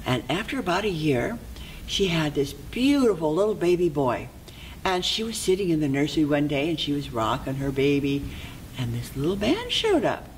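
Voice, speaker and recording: A storyteller telling a fairy tale aloud in a lively, expressive way, leaning on repeated phrases and simple rhythm. The voice sits mid-range, with faint room ambience behind. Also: mid-range voice, normal speed, slight background noise, rough recording.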